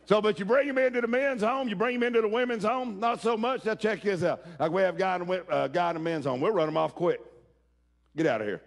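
A man preaching a sermon, talking folksy and direct with the congregation and rising to shouts. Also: high-pitched, fast talker, vocal fry, few pauses. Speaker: pastor.

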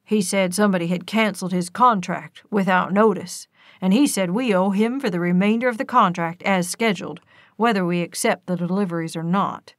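A woman's voice: medium pitch, fairly quick, no room sound, clean studio sound, lightly acted. A woman voicing a domineering older father who speaks harshly and commandingly, in an audiobook. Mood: stern.

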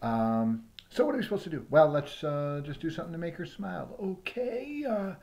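A man playing the patient, deadpan straight man in a comedy sketch. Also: a little high, fast talker, creaky.

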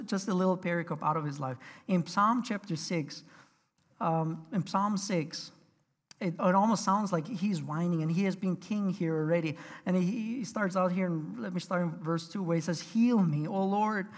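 A man's voice: sits high, big-room sound. A pastor delivering a sermon in an earnest, conversational way, often restarting his sentences. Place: church sanctuary.

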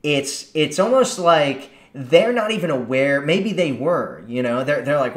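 A man's voice: a little high, expressive, measured pace, roomy sound. A man giving casual dating advice, chatty, often acting out quoted lines in a lifted voice. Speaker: dating coach. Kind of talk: casual advice talk to camera.

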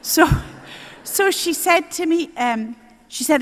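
Lively older Irish nun in a big hall. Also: female voice, sits high, moderate pace. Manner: animated, homely storytelling with lively quoted voices. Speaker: nun preaching at a healing service. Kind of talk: storytelling sermon. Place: large exhibition hall. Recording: long hall reverb.

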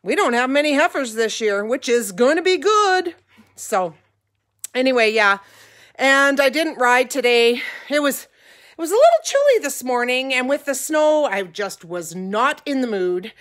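A woman's voice: high-pitched, big pitch swings, unhurried, a bit bright. A middle-aged woman talking casually to her vlog viewers from her kitchen, rambling and a little teary. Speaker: vlogger, ranch owner. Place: home kitchen.

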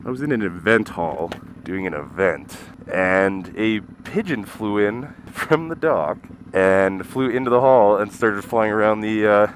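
A man's voice: fairly low pitch, lively intonation, a little slow. A man doing casual, profane, jokey commentary while riding a motorcycle through city streets, recorded on a helmet headset mic. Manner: profane, jokey ranting at traffic. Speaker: motovlogger. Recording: loud road and wind noise.

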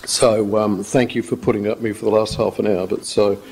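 A man's voice: fairly low pitch, fairly even intonation, a little fast, vocal fry, darkish tone, breathy edge. A male pastor, giving an informal sermon full of rambling, joking stories. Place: church hall. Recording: echoey church hall.

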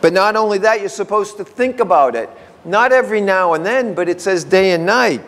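A man preaching a conversational sermon as pastor, chatty and folksy, slowing down to read definitions word by word. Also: sits high, expressive, a bit bright. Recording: long hall reverb.

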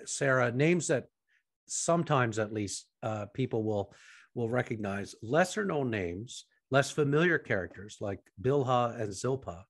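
A man from Canada hosting a podcast interview, asking long, halting questions that trail off quietly. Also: medium pitch, expressive, no room sound, clean studio sound. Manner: halting, many fillers and restarts, trails off quietly. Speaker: podcast host.

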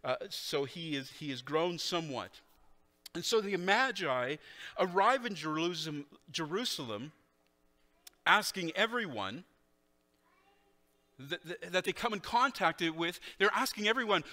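A man's voice: fairly high pitch, animated, unhurried, pauses often, pushed and bright, long reverb tail. A male pastor preaching a sermon in a conversational way, often restarting his sentences and acting out what people in the story said. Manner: conversational preaching with frequent restarts and acted quotes.

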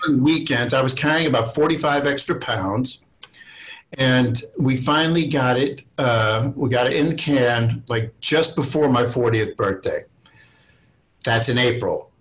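A man's voice: mid-range voice, measured pace, poor audio. A man in his sixties, an actor guest, telling showbiz stories with plenty of swearing on a video call. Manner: swears freely, acts out other people's lines in raised voices. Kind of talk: casual storytelling interview.

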